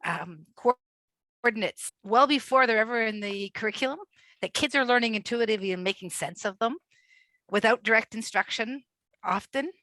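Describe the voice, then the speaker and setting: A woman's voice: fairly high pitch, normal speed, sharp tone, dry recording. A woman who teaches math and technology, giving an enthusiastic, opinionated comment at a conference session. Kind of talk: conference question from an attendee. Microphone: video call.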